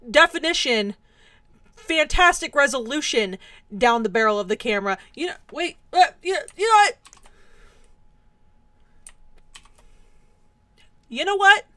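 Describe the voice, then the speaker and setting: Young female streamer, high-pitched and hoarse, ranting at chat in exasperated mock anger. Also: a bit bright, no echo. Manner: mock-angry, exasperated, laughing rants at chat. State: hoarse, voice cracking from yelling. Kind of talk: casual live-stream chat with viewers.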